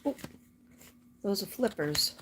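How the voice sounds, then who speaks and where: A woman's voice: medium pitch, animated, slow, noisy background. Chatty woman doing a card reading. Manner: chatty and homespun, rambling with asides. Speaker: psychic card reader. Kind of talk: casual spoken card reading. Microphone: phone camera.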